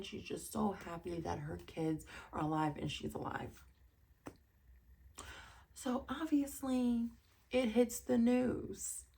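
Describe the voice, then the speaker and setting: A woman casually recapping a reality TV episode, chatty and quick to laugh, with incredulous asides. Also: mid-range voice, gravelly, a little mellow, breathy edge.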